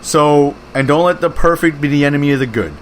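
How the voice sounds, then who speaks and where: Fiery Brooklyn man, fairly high voice. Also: fairly quick, a little hiss or hum. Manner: fiery, energetic, exhorting. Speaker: guest co-host. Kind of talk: political talk show commentary.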